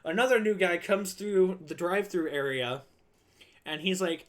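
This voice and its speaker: Brief: male streamer with a high voice, animated storyteller, swears a lot. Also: moderate pace.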